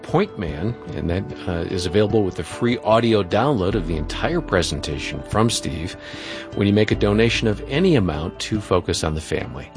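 A man reading a scripted radio announcement in a measured, promotional manner. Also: on the low side. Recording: announcement over music bed. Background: music.

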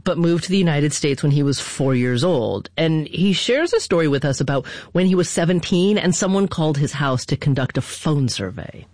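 A woman's voice: deep voice, darkish tone, no room sound, clean studio sound. A woman hosting a public radio interview, speaking conversationally with emphatic stress. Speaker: radio show host.

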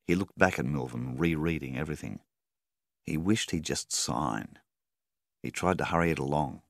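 A man narrating a story in a measured, steady reading style. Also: extremely low pitch, creaky, dry recording, studio quality. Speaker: audiobook narrator. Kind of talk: scripted narration.

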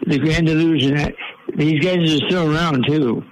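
A man's voice: a little high, measured pace, rough recording. A man running a song quiz on a morning radio show, teasing and upbeat.

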